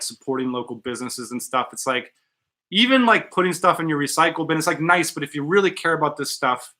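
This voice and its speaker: A man's voice: mid-range voice, bright, forceful tone. A man hosting a casual podcast chat in a studio, blunt and joking, with some profanity. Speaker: podcast host.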